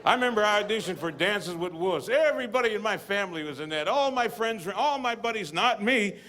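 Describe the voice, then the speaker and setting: A man performing a stand-up comedy routine, telling stories and acting out voices with deadpan punchlines. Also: high voice, brisk. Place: comedy stage with live audience. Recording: live audience, noisy room.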